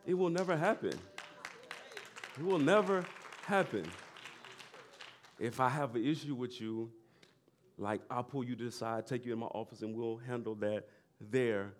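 A man's voice: mid-range voice, fairly even intonation, normal speed, slight background noise. Man preaching in loose, chatty style. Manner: conversational preaching, laughing asides, rising to loud emphasis. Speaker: pastor. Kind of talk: sermon.

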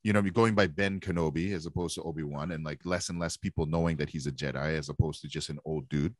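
A very low-voiced man talking through his thoughts in a casual review chat, full of "like" and restarts. The sound is close and dry with no room around it. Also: steady tone, quick pace, no room sound. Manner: rambling, filler-heavy, thinking aloud. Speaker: podcast co-host.

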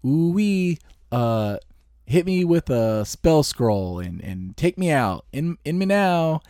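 A tiny despairing spider that begs in a thin, squeaky, strained voice. It sits far above his normal register and pleads for its end. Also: sing-song, takes it slowly, mellow, no echo, clean studio sound, exaggerated voice. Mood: pleading.

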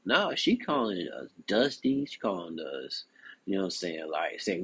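Husky young man with a lowish voice. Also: moderate pace, no echo. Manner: animated, frequent "you know what I'm saying". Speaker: podcast host. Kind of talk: casual commentary monologue.

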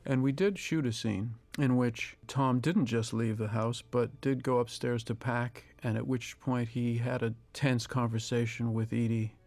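Male director, commentary track, gravelly voice, flat even delivery, thoughtful pauses. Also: mid-range voice, no echo. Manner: reflective, thinking aloud with pauses and restarts. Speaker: film director. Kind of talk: audio commentary.

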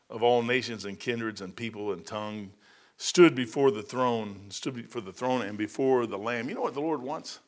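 Folksy preacher man, bright voice. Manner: folksy and animated, rising to emphatic high peaks. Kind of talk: sermon.

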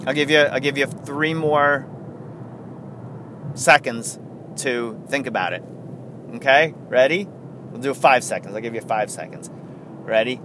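A man's voice: mid-range voice, measured pace, long pauses, fairly bright tone, a little hiss or hum. A man hosting a podcast, chatting casually with lots of chuckles and rambling asides. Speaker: podcast host.

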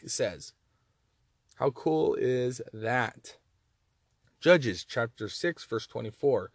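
Man, southern accent, mid-pitched voice, earnest bible teacher, dry close sound. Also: no room sound. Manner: earnest, animated, repeats words when emphasizing.

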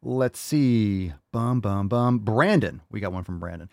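A man's voice: on the low side, measured pace, gravelly, hardly any pauses, darkish tone, no room sound, studio quality. A man hosting a casual fitness podcast, reading listener posts and answering with blunt, profane tough-love rants. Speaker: podcast host.

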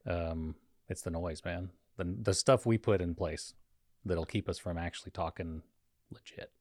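A man's voice: deep voice, steady tone, normal speed, a little mellow, no room sound, clean studio sound. A man co-hosting a podcast in a loose, joking chat, laughing often as he talks. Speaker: podcast co-host. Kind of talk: casual chat. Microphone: studio mic.

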